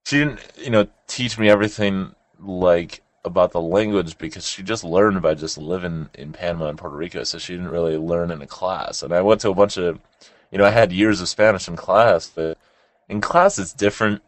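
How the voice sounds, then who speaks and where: A young man with a very low voice, chatting loosely as co-host on a show with callers. He rambles, restarts and swears offhandedly. The sound is close and dry. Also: brisk, no echo. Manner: rambling, swears casually, animated laughs. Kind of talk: casual chat.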